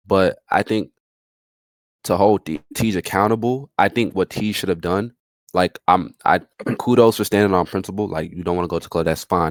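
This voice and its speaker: Deep-voiced hesitant young man mediating. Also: no room sound. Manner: hesitant mediator, many ums and restarts, clears throat. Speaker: panelist in a group discussion. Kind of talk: casual discussion.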